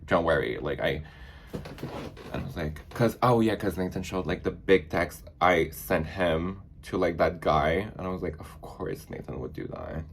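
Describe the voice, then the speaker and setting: A man's voice: low voice, measured pace, a little hiss or hum. A man chatting casually in a sassy, dramatic storytime vlog, full of fillers. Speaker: vlogger.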